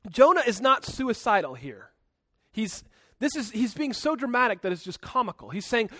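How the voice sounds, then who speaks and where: A man preaching a sermon in an emphatic, conversational way, with big swings in loudness. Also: extremely high pitch, very animated, normal speed, dry recording, studio quality. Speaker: pastor.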